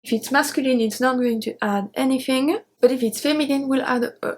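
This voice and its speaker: A woman teaching a grammar lesson in English, slowly spelling out and repeating each verb form. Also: high voice, slight background noise. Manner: slow, careful spelling-out of verb forms. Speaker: French teacher.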